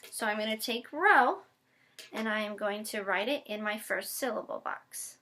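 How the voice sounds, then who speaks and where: A woman teacher giving a patient one-on-one phonics lesson, modeling each step slowly and spelling words out letter by letter. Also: medium pitch, bright, forceful tone. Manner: slow, deliberate modeling with frequent check-ins. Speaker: special education teacher.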